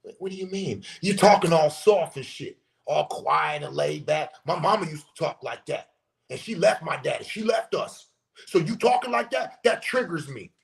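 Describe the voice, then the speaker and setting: A man's voice: fairly high pitch, big pitch swings, normal speed, vocal fry. A man voicing a touchy young man on a blind date who complains in a whiny, defensive way. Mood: aggrieved.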